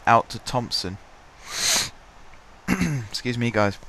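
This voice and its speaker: A man casually commentating his own football management game, his voice stuffy and blocked up, chatty and self-mocking, clearing his throat now and then. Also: medium pitch, expressive, slow, bright, forceful tone, slight background noise. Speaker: gaming commentator. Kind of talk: casual let's-play commentary.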